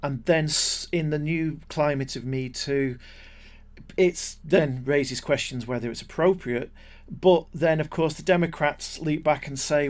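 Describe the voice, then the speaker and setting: Male co-host from Britain, somewhat high voice, casual, stammering restarts, wry and self-deprecating. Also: unhurried. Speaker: cartoonist and podcast co-host. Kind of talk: casual podcast chat.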